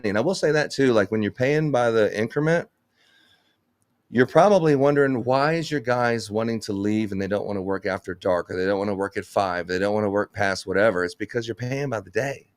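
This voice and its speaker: A man's voice: lowish voice, fast talker, dry recording. A man who runs a Christmas lights business, talking bluntly in a casual live chat, swearing and laughing often.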